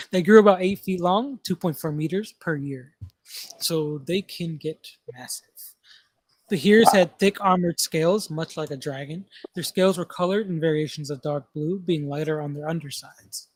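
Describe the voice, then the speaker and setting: A man's voice: a little high, moderate pace, no echo. A man hosting a casual tabletop gaming podcast, reading monster lore aloud and stumbling over place names. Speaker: podcast host.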